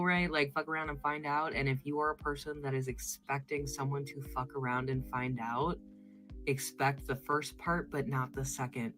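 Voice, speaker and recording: A woman with a low, deep speaking voice talks bluntly and profanely, lecturing her viewers in casual vlog commentary. Soft music plays behind her. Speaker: vlogger.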